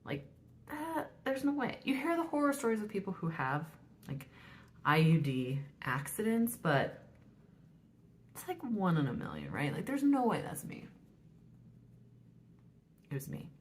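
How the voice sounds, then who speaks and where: A woman's voice: mid-range voice, sing-song, measured pace, long pauses. A woman in her thirties telling a personal story in a casual vlog, chatty and full of fillers, often dropping to a whisper when quoting her own thoughts. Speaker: vlogger.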